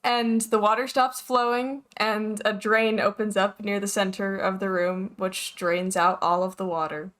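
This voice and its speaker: A woman narrating as game master of a tabletop game, playful and quick to laugh as she describes each scene. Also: medium pitch, steady tone, a bit bright.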